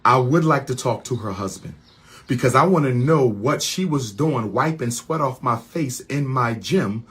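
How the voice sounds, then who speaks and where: A man in a heated, mocking rant to his audience, repeating lines for effect and swinging from loud outbursts to quiet asides. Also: medium pitch, expressive, normal speed, breathy edge. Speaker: speaker addressing his audience.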